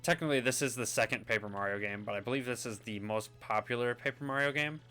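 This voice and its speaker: Playing a video game, a man offers chatty, self-amused, rambling let's-play commentary as a gaming video host. His mid-range voice is quick and sharp-toned, with soft music in the background.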